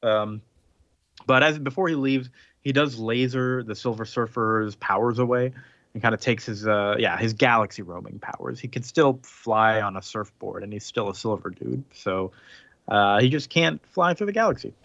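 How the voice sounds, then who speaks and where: Relaxed man recapping comics, dry sound. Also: medium pitch, normal speed, creaky, dry recording, lo-fi sound. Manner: relaxed, filler-heavy storytelling with mock voices. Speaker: podcast co-host. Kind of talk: casual comic-book recap chat.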